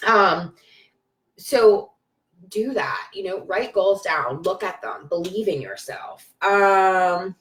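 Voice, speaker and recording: A woman's voice: medium pitch, animated, takes it slowly, a bit bright. Emphatic woman coaching from a distance. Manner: emphatic and repetitive, with bursts of cheering and swearing. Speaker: spiritual life coach on a live video. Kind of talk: casual live-stream pep talk. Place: at home, on a live stream. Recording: roomy echo from a distance.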